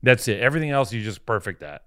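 A man co-hosting a loose, casual podcast, cursing freely and ranting in playful mock fury at his friend. His medium-pitched voice swings widely up and down as he works himself up. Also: sing-song, quick pace, crowd noise. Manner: swears often, mock rage, loud bursts. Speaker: podcast co-host.

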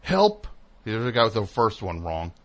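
Casual host, male, animated storyteller who acts out other voices. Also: lowish voice, normal speed. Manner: animated storyteller, mimics people in raised voices. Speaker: comedy radio host.

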